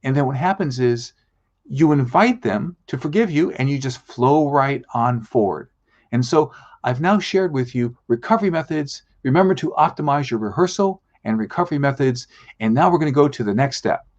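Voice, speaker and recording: Animated male speaking coach. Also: medium pitch, moderate pace, highs cut off. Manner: animated, acts out quoted lines. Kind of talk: live show coaching talk.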